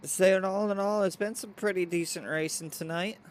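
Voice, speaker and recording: A man doing excitable play-by-play race commentary with hiccups, reading viewer chat aloud. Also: high voice, normal speed.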